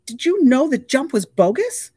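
A reader putting on a high, bright teenage girl who is quick to get loud and scornful, her voice clearly pitched well above the narrator's. She comes through in a dry, close audiobook recording. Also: big pitch swings, no echo, exaggerated voice. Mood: indignant. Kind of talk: audiobook character voice.

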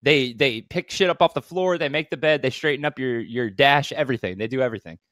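A man's voice: mid-range voice, fast, dry recording, clean studio sound. A man co-hosting a casual podcast, telling stories animatedly, swearing often and acting out voices. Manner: animated storytelling, swears a lot, acts out voices. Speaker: podcast co-host. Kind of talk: casual chat.

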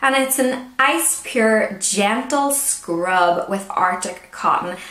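A woman's voice: mid-range voice, expressive, slow pace, fairly bright tone. A woman with a Northern Irish accent, chatting casually as she reviews beauty products with wry asides. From Northern Ireland. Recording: roomy echo.

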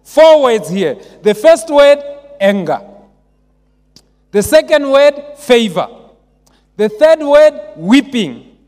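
A man preaching a sermon as pastor, asking the congregation call-and-response questions and rising to emphatic shouts. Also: extremely high pitch, big pitch swings, slow, long pauses. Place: large church. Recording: long church reverb.

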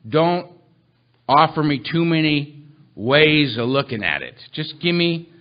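A man's voice: fairly high pitch, a little slow. A man speaking at a recovery meeting, telling humorous stories about himself and acting out the people in them. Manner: self-mocking, animated, acts out quotes. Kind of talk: humorous storytelling talk. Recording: muffled lo-fi recording.

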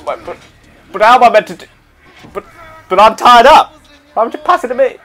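A young man giving casual let's play commentary, excitable and jokey, talking to himself and swearing now and then. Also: very high-pitched, fairly quick, faint music behind. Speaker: gameplay commentator.

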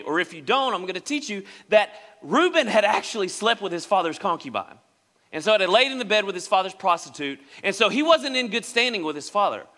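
A man's voice: sits high, sharp tone. A man preaching a sermon in a church, delivering it dramatically and acting out the voices of the people he quotes. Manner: dramatic, acts out quoted speech. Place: church sanctuary. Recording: reverberant church hall.

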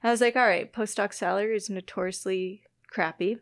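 A woman's voice: mid-range voice, steady tone, brisk, dry recording. A woman from the Midwest of the United States, a guest scientist chatting casually, often laughing and poking fun at herself. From Midwest US, Illinois-Wisconsin border. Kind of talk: casual conversation.

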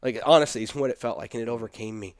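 A man's voice: medium pitch, very fast, no room sound, clean studio sound. A young man, a pastor, telling a personal story in casual conversation, acting out the dialogue and laughing often.

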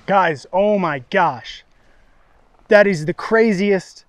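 A man's voice: high voice, slow pace, background noise. A young man vlogging his fishing outdoors on a riverbank, breathless and exclaiming in disbelief. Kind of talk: excited outdoor vlog commentary.

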